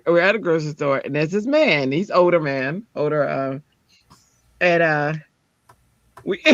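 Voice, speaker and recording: Woman host, deep voice, chatty and laughing, slightly dull lo-fi sound. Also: no room sound. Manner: animated storytelling, laughs often. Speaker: craft show host. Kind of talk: casual chat.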